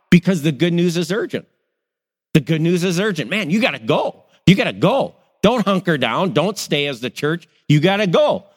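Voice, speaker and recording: High-voiced preaching man in a reverberant hall. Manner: animated preaching with acted-out reactions. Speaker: pastor. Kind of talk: sermon.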